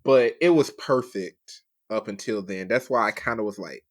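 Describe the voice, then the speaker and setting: A man's voice: on the low side, normal speed. A man co-hosting a podcast, chatting casually and emphatically about movie trailers, often saying "bro". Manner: animated, emphatic, says "bro" a lot. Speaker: podcast co-host.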